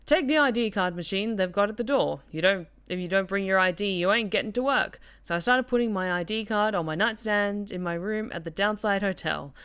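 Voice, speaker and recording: A woman's voice: mid-range voice, brisk, hardly any pauses, fairly bright tone, clear, resonant tone, natural voice. A woman voicing a 1940s male worker in a transatlantic accent, reading an old-timey audio log aloud. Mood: wry, weary.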